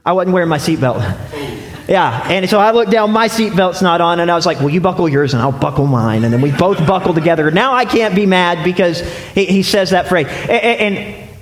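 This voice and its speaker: A man's voice: sits high, fairly quick, a little hiss or hum. A young man preaching a sermon, telling a story and asking the congregation questions. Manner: storytelling, asks the audience questions. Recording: echoey hall with long reverb.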